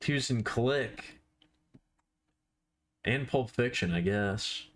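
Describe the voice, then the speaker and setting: A man's voice: medium pitch, expressive, slow. A man chatting casually on a live stream while he draws, rambling and self-deprecating, with offhand swearing.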